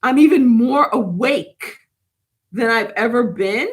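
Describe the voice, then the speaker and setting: A woman with a fairly high voice, talking in a loose, rambling way on a spiritual livestream. She chats casually with viewers and reacts to their comments as they come in. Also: animated, takes it slowly. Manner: rambling, chatty, reads and answers live comments. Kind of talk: casual live chat with viewers.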